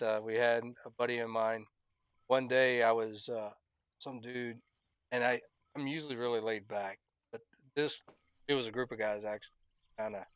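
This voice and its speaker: A man with an ordinary mid-range voice chats through a headset while gaming, unhurried and loose. He tells his stories in a rambling way and chuckles along. The sound is close and dry. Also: mid-range voice, a bit bright, smooth, dry recording. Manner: laid-back rambling storyteller, laughs often. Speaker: streamer playing a fishing game. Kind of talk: casual chat while gaming.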